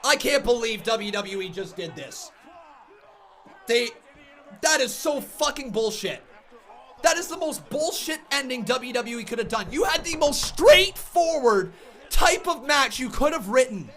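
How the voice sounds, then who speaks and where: A man ranting furiously on a live reaction stream, shouting, swearing and repeating words in angry bursts. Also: extremely high pitch, animated, unhurried.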